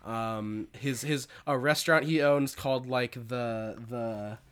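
A man's voice: medium pitch, takes it slowly, a bit bright, smooth. Casual male podcaster, rambling plot recap, filler-heavy delivery. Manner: rambling, many fillers and restarts.

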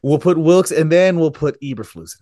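A man's voice: fairly high pitch, no echo. Chatty male podcast co-host, dry sound. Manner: chatty, thinks aloud, quick bursts of excitement. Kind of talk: casual chat.

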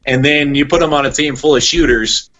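Animated young man, lo-fi sound. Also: a little high, fairly quick. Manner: animated storyteller, heavy use of "like". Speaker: podcast guest, sports broadcaster. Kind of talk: casual podcast chat.

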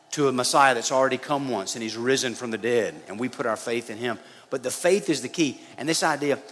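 A pastor with a mid-range, fairly bright voice preaches a sermon, talking conversationally and calling his listeners "guys." The recording carries a hall's long reverb and faint noise.

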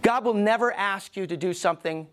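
A middle-aged man preaching a sermon as pastor in a church, emphatic, with pauses, and acting out the voices he quotes. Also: high-pitched, a bit bright. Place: church sanctuary.

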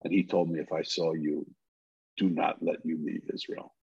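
A man's voice: a bass voice, normal speed, gravelly, breathy edge, dry recording. An older man, a podcast guest, telling a long story and acting out the dialogue as he goes. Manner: animated storyteller who acts out the dialogue. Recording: slightly muffled recording.

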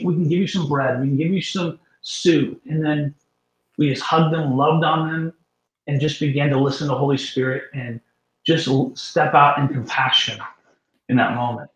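A man, a guest minister, telling a story with animated emphasis and acting out the voices of the people in it. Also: a little high, moderate pace, roomy sound, poor audio. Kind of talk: storytelling in a faith talk show.

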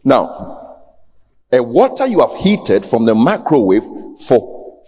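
Male preacher, mid-pitched, challenging and pleading, long church reverb. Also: wildly swooping pitch, takes it slowly, dark tone, husky. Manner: challenging, pleading, rising to emphatic peaks. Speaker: pastor. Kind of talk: sermon.

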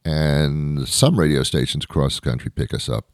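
A man's voice: rumbling low, moderate pace, no echo, clean studio sound. A man hosting his own podcast, rambling through a self-deprecating comic monologue full of fillers and restarts. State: out of breath. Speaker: podcast host.

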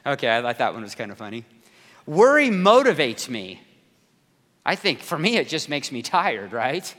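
A man in his fifties preaching a sermon in an energetic, conversational way, talking straight to the congregation. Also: medium pitch, a little fast, big-room sound. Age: 50s. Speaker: pastor.

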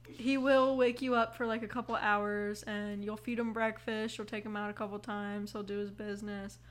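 A woman in her twenties hosting a casual podcast, rambling with lots of fillers, yawning now and then and swearing casually. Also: a little high. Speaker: podcast host. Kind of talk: casual chat. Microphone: headphones on, recording mic.

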